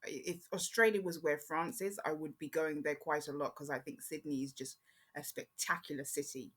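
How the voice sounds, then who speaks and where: A woman born in Jamaica, speaking with an English accent, hosting her own podcast in a chatty, rambling way with frequent pauses. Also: sits low, fairly even intonation, fairly bright tone, slightly rough. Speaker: podcast host. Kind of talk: casual solo podcast chat.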